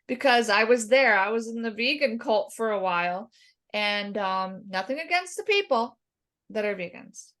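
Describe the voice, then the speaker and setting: A middle-aged woman with a slightly high voice tells her own story as a podcast guest. She is animated and self-deprecating, and she briefly acts out the people she quotes. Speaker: guest dietitian.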